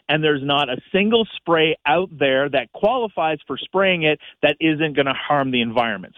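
A man's voice: fairly high pitch, no room sound. A man giving practical, step-by-step gardening advice as a guest on a call-in radio show, heard over a phone line. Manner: practical, upbeat, explains step by step.

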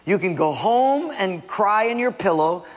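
A man preaching a sermon with a gravelly, husky voice, acting out scenes in changing voices. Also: high voice, expressive, measured pace. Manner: acts out biblical and household scenes in shifting voices. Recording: long reverb of a large hall.

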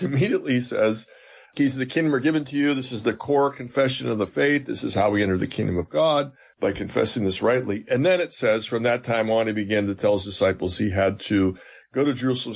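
A man's voice: mid-range voice, creaky, husky. An older man, a seminary professor, explaining a Bible passage in an earnest conversational interview. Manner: earnest, animated when retelling scripture.

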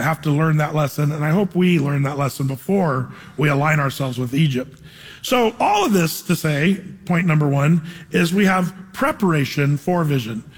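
Pastor guy preaching, emphatic and chatty, kinda husky, big echoey hall. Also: high voice. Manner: conversational, emphatic preaching with acted asides. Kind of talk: sermon. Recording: hall reverb.

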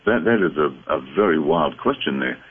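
A man speaking as a psychic medium guest on a talk radio show, explaining in a measured, reflective way. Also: very deep voice, expressive, breathy edge. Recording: phone-line sound.

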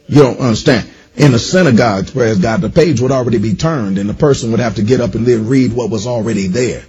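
Male preacher, husky raspy voice, emphatic sermon, folksy asides, middle pitch. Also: quick pace, hardly any pauses, darkish tone, lo-fi sound. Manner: emphatic call-and-response preaching; informal, playful asides.

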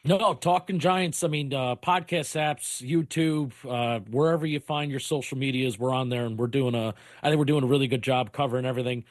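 Mid-pitched man plugging his podcast. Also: fairly even intonation, brisk, hardly any pauses, no room sound, studio quality. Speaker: podcast guest. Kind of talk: casual plug of his show.

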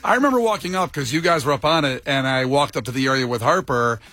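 Man co-host, quick talker, slightly high voice, dry close mic, music faint under. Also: sharp tone, dry recording. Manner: brisk, fact-sharing. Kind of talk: casual chat.

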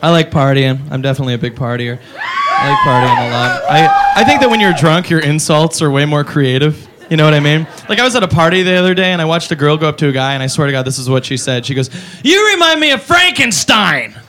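A man's voice: a little high, racing, few pauses, a bit bright. A man doing a stand-up comedy routine, ranting in a profane, incredulous way and slipping into goofy voices.

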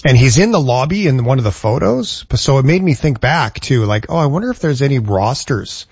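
Husky man, enthusiastic co-host, dry, dull recording. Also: mid-range voice, lively intonation, a little fast, darkish tone, dry recording. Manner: enthusiastic, eggs on his partner. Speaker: podcast co-host. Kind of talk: casual chat.

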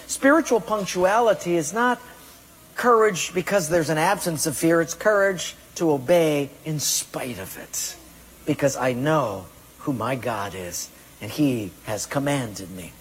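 A man's voice: on the high side, animated, a little slow, slight background noise. A man preaching a sermon to a congregation, emphatic and firing rhetorical questions at them. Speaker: pastor. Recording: long hall reverb.

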